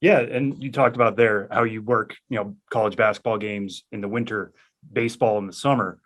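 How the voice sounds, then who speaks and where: A man's voice: lowish voice, steady tone, brisk, fairly bright tone. A male podcast host asking a follow-up question in an easygoing way, rephrasing as he goes. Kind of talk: casual interview questions.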